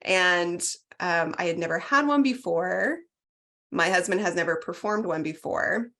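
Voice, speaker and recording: A woman in her forties, a retreat participant appearing as a podcast guest, shares a candid personal story in a chatty, effusive way, leaning heavily on "like" and "you guys." Her voice is on the low side, animated and a little slow, with a sharp tone.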